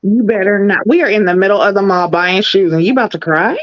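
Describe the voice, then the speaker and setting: A woman co-hosting a casual recap chat, sassy and animated, calling everyone girl. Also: mid-range voice, quick pace, dull audio. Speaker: podcast co-host.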